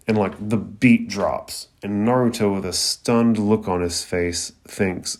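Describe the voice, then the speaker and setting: A man's voice: sits low, fairly even intonation, slow pace, hardly any pauses, darkish tone. A man hosting a podcast, recapping an anime episode in a chatty, slangy way full of fillers.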